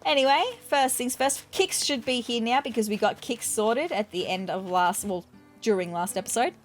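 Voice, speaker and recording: A woman hosts a casual let's-play, chatting away as she plays and reading the game's dialogue aloud. Her voice sits a little high for a woman, friendly and talkative in tone. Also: normal speed, soft background music. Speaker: gaming video host.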